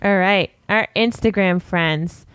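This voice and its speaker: A young woman co-hosting a casual podcast, chatty and excitable, telling stories and reading out listener posts. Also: medium pitch, slow pace, smooth, no echo. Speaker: podcast co-host.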